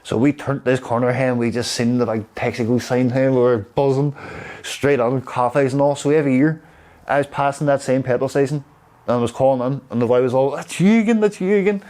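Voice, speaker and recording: A man from Derry with a Derry accent, telling stories in a rambling, halting way. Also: mid-range voice, level tone, darkish tone. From Derry, Northern Ireland. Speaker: interviewee. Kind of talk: casual storytelling.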